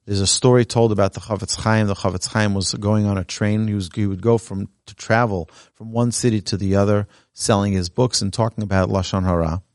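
Earnest rabbi, lower voice, dry sound. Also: male voice, steady tone, brisk, few pauses, a little mellow, no room sound. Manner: earnest, exhortative, tells stories with emphatic rises. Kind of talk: Torah class talk with storytelling. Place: Torah learning center, indoors. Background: live audience present.

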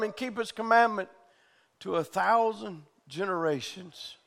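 A man preaching a fervent sermon, his voice sitting unusually high for a man. He often pushes into shouting as he preaches. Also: lively intonation, a little slow, gravelly.

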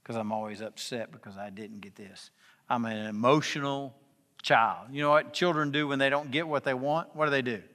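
Man, guest speaker, confessional preaching, rhetorical questions, bright forceful voice, long hall echo. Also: medium pitch, normal speed. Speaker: guest speaker at a men's gathering. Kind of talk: informal preaching talk. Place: event hall with tables.

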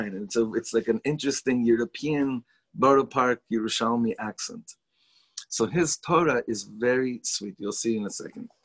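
A man teaching a Torah class to students, talking in an enthusiastic, chatty way and mixing in Hebrew and Yiddish words. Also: mid-range voice.

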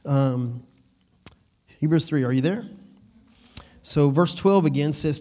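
A man's voice: fairly high pitch, slow pace, pauses often, mellow. A man preaching a sermon in a conversational way, laughing between points and asking the room if they follow. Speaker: pastor.

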